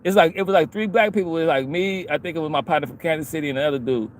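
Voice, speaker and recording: A man in his forties rants casually to his viewers, swearing freely and tagging lines with "man" and "bro". His voice sits a little high for a man, and a faint vehicle hum runs underneath. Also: very fast. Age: 40s. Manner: ranting, profane, repeats "man" and "bro". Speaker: vlogger. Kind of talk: casual monologue.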